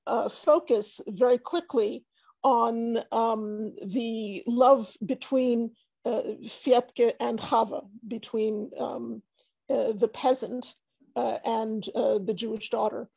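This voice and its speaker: A woman's voice: on the high side, vocal fry, warm tone, husky, dry recording. A woman giving an academic panel talk over a video call, hesitant with many fillers and restarts.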